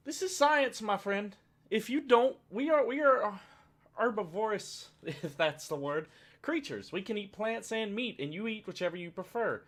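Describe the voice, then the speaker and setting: A man giving a comedic video commentary in a high-pitched voice. His pitch leaps and swoops as he rants. The tone is sarcastic and profane throughout. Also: normal speed. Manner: animated, sarcastic, profane ranting.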